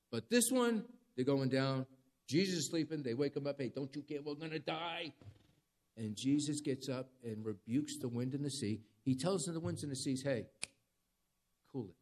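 A man's voice: mid-range voice, darkish tone. A man preaching a sermon in a conversational, dramatic way, with rising emphasis. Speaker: pastor.

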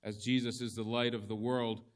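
Man preaching in slow, measured phrases. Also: mid-range voice, little pitch movement. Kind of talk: sermon.

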